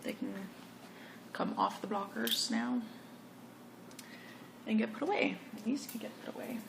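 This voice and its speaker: A woman's voice: on the high side, unhurried, gravelly, background noise. A woman hosting a knitting video podcast, talking casually and rambling through her finished projects. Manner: chatty, rambling, self-correcting. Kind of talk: casual show-and-tell chat.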